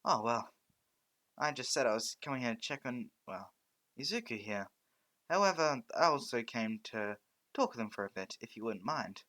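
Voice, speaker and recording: A man voicing a loud, cheerful male hero in a fan story reading, talking in a boisterous, buddy-like way. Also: mid-range voice, expressive, moderate pace.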